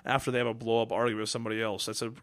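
A man's voice: medium pitch, little pitch movement, fairly bright tone, dry recording, clean studio sound. A man co-hosting a podcast in casual banter, ranting and swearing freely. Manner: fast, profane, ranting. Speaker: podcast co-host.

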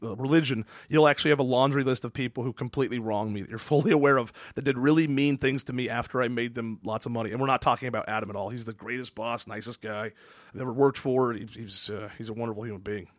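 A man's voice: medium pitch, fairly even intonation, fast, no room sound, studio quality. A man hosting a casual podcast chat, rambling and swearing with many stammered restarts. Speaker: podcast host.

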